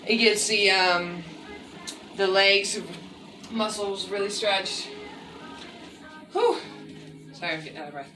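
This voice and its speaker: A female fitness vlogger with a medium-pitched, sharp-toned voice chats casually through a workout demo, full of fillers and self-deprecating asides. The room is echoey, the mic sits at a distance, and faint music plays.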